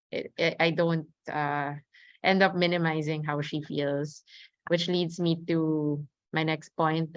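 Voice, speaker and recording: A woman's voice: sits low, no room sound. A young woman speaking earnestly at a webinar about caring for her mother, with many fillers and restarts. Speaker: family caregiver sharing experience. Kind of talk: webinar talk. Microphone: video call. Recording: dull lo-fi video call audio.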